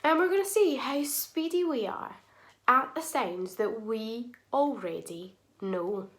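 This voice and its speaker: A woman teaching a phonics lesson to young children, sounding out words slowly and clearly and praising often. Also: on the high side, expressive.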